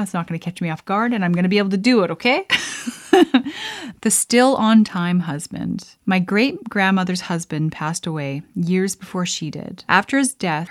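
A woman hosting a podcast, chatting casually and reading a story aloud, rambling and laughing often. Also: fairly low pitch. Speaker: podcast host.

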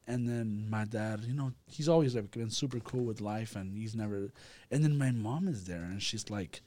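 A man leading a casual church group discussion, telling a story with quick restarts and repeated words. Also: lowish voice, warm tone.

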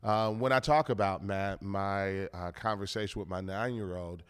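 A middle-aged man leads a church video talk as pastor, his lowish voice upbeat and expressive. The room around him rings with a long reverb. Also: moderate pace, clear, resonant tone. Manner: upbeat, expressive, varied delivery.

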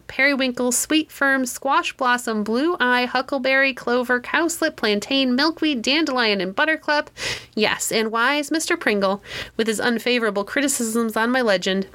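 A woman reading an audiobook, voicing an ardent young male student who tells stories with fervor. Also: on the high side. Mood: hushed. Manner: fervent, animated telling.

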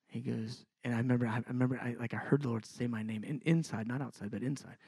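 A middle-aged man, preaching a sermon in a conversational, animated way that builds in intensity. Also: medium pitch, quick pace, slightly rough, dry recording.

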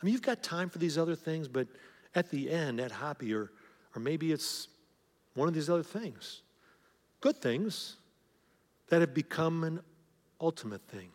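In a church sanctuary, a pastor delivers a sermon conversationally, often repeating words as he begins a phrase. His voice is a little high with lively intonation and a moderate pace broken by long pauses. The recording carries long hall reverb.

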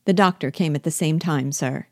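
A woman's voice: deep voice, normal speed, a little mellow. A woman reading the short lines of a polite household maid in a play.

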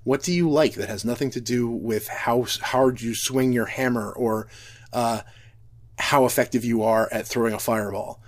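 A man's voice: mid-range voice, steady tone, normal speed. Earnest man giving a reflective talk. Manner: earnest and reflective, with frequent restarts. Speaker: speaker. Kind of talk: personal talk to an audience.

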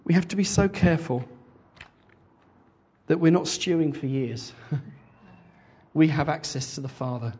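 A man's voice: on the high side, a little slow, pauses often, a little mellow, husky. A man preaching a conversational sermon and retelling a parable, often restarting his words. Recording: dull lo-fi sermon recording.

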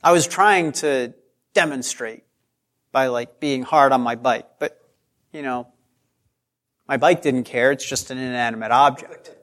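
A man's voice: mid-range voice, a little slow, pauses often, a bit bright. Man preaching in a chatty, repetitive way. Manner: conversational preaching with self-deprecating asides; repeats phrases for emphasis, draws out key words. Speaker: pastor. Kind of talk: sermon.

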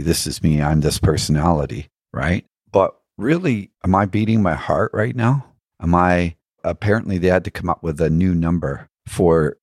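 Deep husky guy telling spiritual stories, earnest, asks himself questions, dry close sound. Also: a little mellow, dry recording. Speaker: interview guest. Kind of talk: reflective spiritual storytelling.

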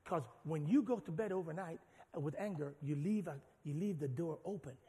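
A pastor with a high, bright voice delivers a sermon at a moderate pace, starting with easygoing teaching and climbing into fervent, shouted passages. His animated preaching echoes through a large hall with a long reverb tail.

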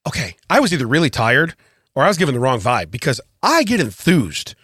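A man co-hosting a podcast, telling a story in casual chat with animated, repetitive emphasis. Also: medium pitch, brisk, husky, no room sound, studio quality. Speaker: podcast co-host.

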